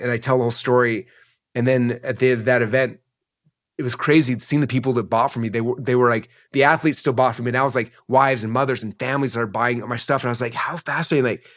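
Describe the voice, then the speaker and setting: Fast-talking man telling a personal story. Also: mid-range voice. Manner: rambling, emotional, lots of "like" and "um". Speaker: entrepreneur guest. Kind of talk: candid interview storytelling.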